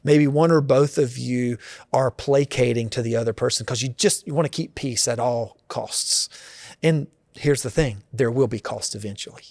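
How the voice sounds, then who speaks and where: A man's voice: medium pitch, normal speed, vocal fry, darkish tone, no echo. A man in his forties, a pastor, talking earnestly and reflectively about marriage in a podcast conversation.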